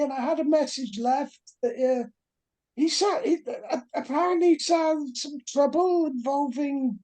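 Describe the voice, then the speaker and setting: A woman's voice: sits high, warm tone. A woman voicing an eccentric, flamboyant older male professor with a posh British accent, rambling and flustered as she plays him.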